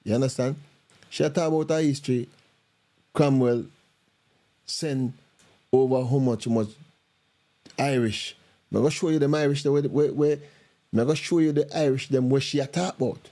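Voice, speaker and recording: A man with a Jamaican accent reacting to video clips in casual commentary, talking in animated, repetitive patois with many restarts. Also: mid-range voice, normal speed, pauses often.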